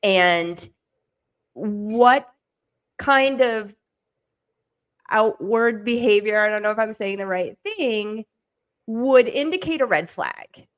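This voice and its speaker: A woman's voice: mid-range voice, expressive, slow pace, long pauses. A middle-aged woman hosting a casual chat, asking tentative, hesitant questions about parenting. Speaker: podcast host.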